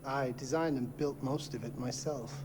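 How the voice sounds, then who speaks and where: An actor playing a courteous, subtly sinister hotel owner in video game dialogue. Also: male voice, medium pitch, fairly even intonation, moderate pace, a loud crowd, lightly acted. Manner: polished, gracious. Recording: game audio under music.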